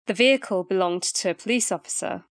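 A woman's voice: mid-range voice, fast, no room sound, clean studio sound. A woman co-hosting a true crime podcast, reading out the case steadily and breaking into chatty, laughing asides with her co-host.

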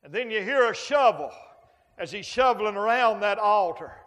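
High-voiced preacher in an echoing hall. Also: male voice, lively intonation, normal speed, a bit bright. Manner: folksy storytelling with sound effects and humor. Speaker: traveling preacher. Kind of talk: sermon. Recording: long hall reverb.

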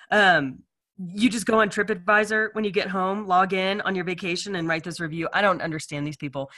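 A middle-aged woman co-hosting a casual chat, talking in a chatty, halting way with many fillers. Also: mid-range voice, sharp tone. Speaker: co-host. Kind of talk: casual chat, reading reviews aloud.

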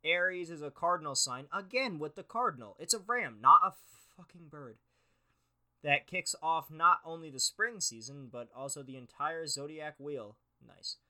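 A man's voice: a little high, expressive, normal speed, pushed and bright. A man hosting a solo podcast, reading aloud and reacting with sarcastic, profane, mock-outraged commentary. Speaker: podcast host.

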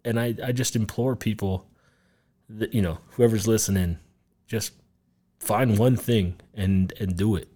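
A man's voice: fairly low pitch, steady tone, measured pace, warm tone. A man, a business owner, talking as a podcast guest in a rambling way with lots of fillers and casual swearing. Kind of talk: casual interview chat.

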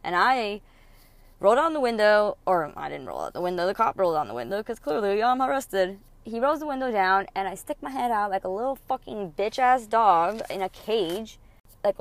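A woman's voice: medium pitch, animated, moderate pace, dry recording. A woman, a mother, telling her own story in a candid storytime monologue. She is blunt, swears freely and acts out what others said. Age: adult mother. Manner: blunt, profane and emotional, quoting others in dialogue.

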